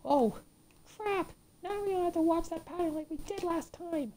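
A woman's voice: very high-pitched, normal speed, warm tone, a little hiss or hum. A woman giving gameplay commentary, ranting and swearing at the game as she plays. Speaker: let's play gamer.

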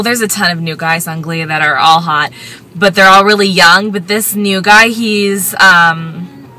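A young American woman with a slight East Coast accent, chatting casually to camera as a beauty vlogger, rambling with lots of fillers. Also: medium pitch. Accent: American, slight East Coast trace. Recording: noisy background with traffic.

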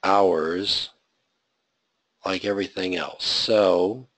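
A man's voice: low voice, fairly even intonation, drawn-out words, a bit bright, no room sound. A man teaching a web design class, talking through his code step by step and checking in with the students. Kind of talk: live coding lecture.

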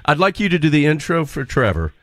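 Playful radio co-host, a man, slightly high voice that swoops all over, always ribbing his partner. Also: very animated, fast, fairly bright tone, dry recording, studio quality. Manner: teasing, playful, wildly swooping delivery. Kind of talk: casual radio banter.

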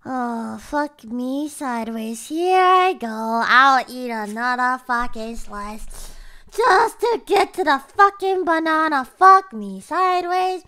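A young woman streamer commenting on a food challenge to her viewers, dramatic and profane, swinging between low groans and shrieks. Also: animated, slow, bright, forceful tone. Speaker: VTuber streamer.

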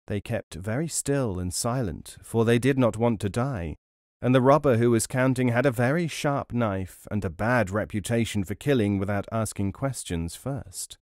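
Male folk-tale reader: steady, measured narration, dead dry studio sound. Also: medium pitch, dry recording. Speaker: storyteller. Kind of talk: audiobook storytelling.

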